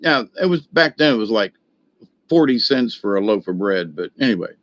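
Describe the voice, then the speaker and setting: A man's voice: lowish voice, sing-song, moderate pace, a bit bright, no echo. An older man telling a long, rambling folksy story, full of restarts and fillers. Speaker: video host.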